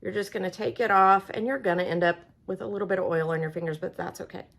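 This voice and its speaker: A woman from Oklahoma talks quickly in a steady, mid-range, fairly bright voice while giving a casual how-to product demo. She's folksy and chatty, speaking right to viewers like they're friends.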